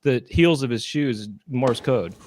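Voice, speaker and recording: A man's voice: mid-range voice, a little slow, heavy background noise. A man co-hosting a casual comedy chat, laughing a lot and riffing loosely. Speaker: co-host.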